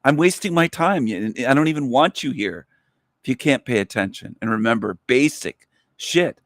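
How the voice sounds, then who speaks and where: Irritated male streamer scolding his audience, ordinary pitch, dry room. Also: lively intonation, moderate pace, no echo. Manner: irritated, profane, scolding the viewers. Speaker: livestream host. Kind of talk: angry livestream rant.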